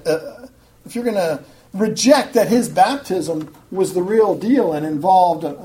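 A woman gives a sermon from scripture with a lively, swooping delivery. She talks casually and acts out the people she quotes. Her pitch sits in a middle range. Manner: animated, conversational, acts out quoted voices. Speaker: Bible teacher.

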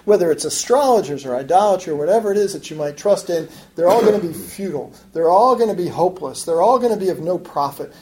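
Woman preacher, mellow dark tone, animated sarcastic emphasis in the sermon. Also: lowish voice. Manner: voices God's taunts with rising sarcastic emphasis.

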